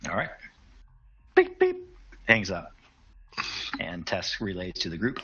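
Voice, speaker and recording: Very deep-voiced male game master. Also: moderate pace, pushed and bright, slightly rough, highs cut off. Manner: casual, hesitant with fillers. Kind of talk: narrating a tabletop game.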